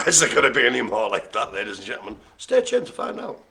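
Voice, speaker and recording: A man's voice: medium pitch, wildly swooping pitch, quick pace, gravelly, sharp tone, a little hiss or hum. A man hosting a live bingo game, chatty and jokey, full of playful asides. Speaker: bingo host. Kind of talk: live-streamed bingo calling.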